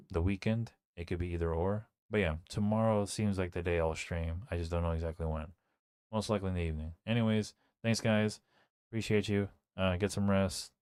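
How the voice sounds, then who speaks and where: A man's voice: sits low, darkish tone, clear, resonant tone, no echo, clean studio sound. A young man streaming a horror game, chatting to himself and his viewers in a casual, rambling way with a sore throat. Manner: chatty, self-talking, many fillers. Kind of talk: casual live-stream commentary.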